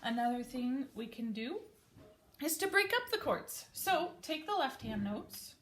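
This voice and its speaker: Her voice is high-pitched with big swings in pitch, and she takes her time as she walks through chords in a laid-back piano lesson. Friendly and casual, she corrects herself here and there, and she plays the piano between stretches of talk.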